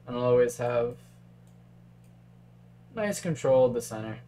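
On a casual live stream, a man talks through a chess game, mulling over possible moves and tossing out replies to chat. His middle-pitched voice is animated and warm at a measured pace, with a faint hum in the background.

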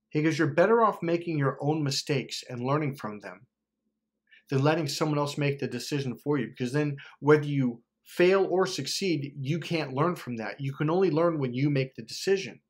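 A man in his forties delivering an intense, profane motivational monologue about trusting your gut. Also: medium pitch. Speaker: motivational speaker.

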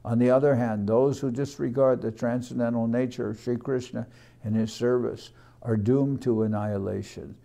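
A man, a monk leading a morning class, reading scripture aloud in a measured way, repeating phrases and adding short explanations. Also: mid-range voice, steady tone, gravelly, warm tone. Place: ashram class room.

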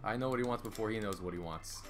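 A man's voice: lowish voice, fast talker, soft background music. A man streaming a cooking game, trading sarcastic, bossy banter while cooking. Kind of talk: casual co-op gaming chat.

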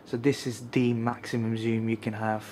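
A man talks casually to his viewers outside at night, his voice tight from shivering in the cold. He speaks at a middling pitch, sometimes dropping to quiet murmured asides. The built-in camcorder mic picks up a faint hiss of outdoor air around him. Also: flat delivery, normal speed. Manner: chatty, with fillers and some quiet murmured asides. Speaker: vlogger. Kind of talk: casual vlog narration.

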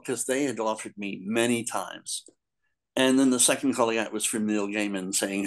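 A man in his sixties, a guest in an interview, telling stories in a casual, animated way, laughing often and acting out other people's lines. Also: on the low side, normal speed, low-quality recording. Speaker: guest, comics editor.

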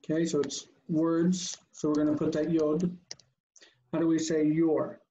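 A man teaches grammar to a class over a video call, his voice somewhat high and mellow. He works through the forms patiently, reading endings aloud and putting questions to his students. The audio is dull and lo-fi. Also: little pitch movement, unhurried. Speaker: Hebrew teacher. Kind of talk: online class lecture.

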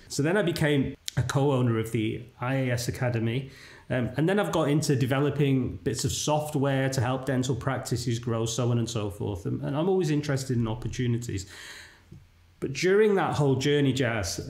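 A man's voice: medium pitch, darkish tone. Chatty man in a roomy space. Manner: chatty, keeps checking in with "right?". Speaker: podcast guest, dental marketing entrepreneur. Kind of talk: casual conversational interview. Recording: roomy echo.

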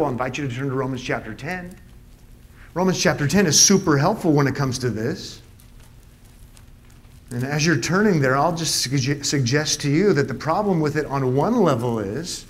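Before a live audience in a church sanctuary, a man with a slightly high voice preaches a conference sermon. He's emphatic, using punchy repeated lines and rhetorical questions, and swings between hushed asides and loud exclamations.

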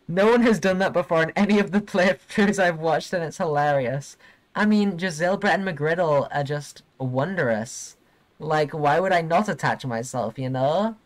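Giggly high-voiced young male streamer. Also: moderate pace. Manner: excitable, giggly, chatting with viewers. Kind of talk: live gameplay commentary.

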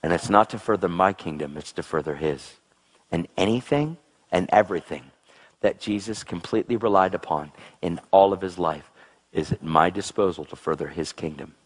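A man preaching a sermon in an excitable, exclamatory way, swinging between low, intense passages and loud, high outbursts. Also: moderate pace.

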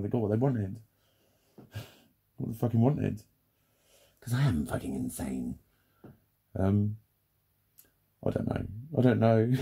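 Guy, mellow husky voice, sweary exasperated vlog rant with frequent laughs. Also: on the low side. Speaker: vlogger. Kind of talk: unscripted ranting monologue.

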